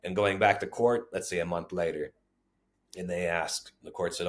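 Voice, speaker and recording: A man with a deep, low voice talks through memories from his years in child welfare work. He tells them in an interview, animated, and slips into the voices of the people he quotes. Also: normal speed. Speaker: former child welfare social worker. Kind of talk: storytelling interview.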